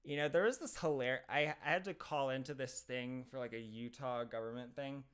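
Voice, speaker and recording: A man's voice: mid-range voice, a little fast, a bit bright, clean tone. A man with a Midwestern American accent from southern Ohio, chatting casually on a live stream, rambling and laughing often as he answers viewers. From southern Ohio, USA.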